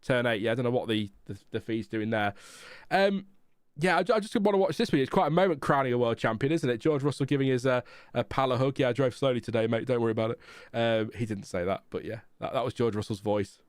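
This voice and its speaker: A man's voice: mid-range voice, lively intonation, brisk, clear, resonant tone, no room sound, studio quality. A man hosting a casual live watchalong stream, chatting frankly and rambling with fillers. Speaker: livestream host.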